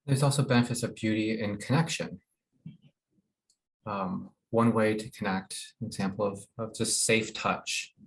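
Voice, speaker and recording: A man presenting a wellness webinar in an informal, halting way, with many fillers and restarts. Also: fairly low pitch, fairly even intonation, slight background noise, low-quality recording. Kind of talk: informal educational talk.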